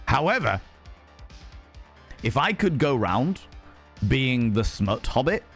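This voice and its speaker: A man's voice: mid-range voice, big pitch swings, slow pace, fairly bright tone, soft background music. A man casually chatting on a live stream, reading chat aloud, swearing freely and slipping into cheeky put-on voices.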